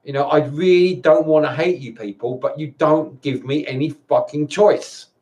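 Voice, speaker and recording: Tired man venting with halting repeats. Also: on the high side, fairly even intonation, darkish tone. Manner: halting, repeats words, swears often. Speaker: vlogger. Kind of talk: emotional personal monologue to camera.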